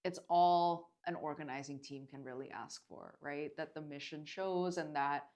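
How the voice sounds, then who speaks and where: A woman's voice: low voice, fairly even intonation, moderate pace, darkish tone. A woman guest, a dance event organizer, talking earnestly in a casual interview and using many filler words.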